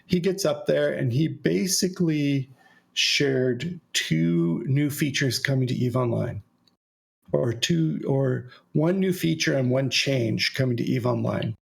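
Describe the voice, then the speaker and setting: A man with a gravelly, creaky edge to his mid-pitched voice hosts a relaxed podcast. He talks in a loose, storytelling way, full of "uh" and restarts. His tone stays conversational throughout. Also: unhurried. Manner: relaxed storytelling with frequent fillers. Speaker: podcast host. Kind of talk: casual podcast chat.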